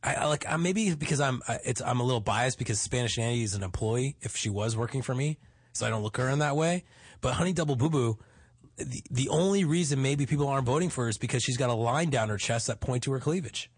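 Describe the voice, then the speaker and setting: A man's voice: mid-range voice, fast, husky, no echo, clean studio sound. A man co-hosting a podcast, talking bluntly and crudely in casual banter. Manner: blunt, animated, swearing. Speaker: podcast co-host.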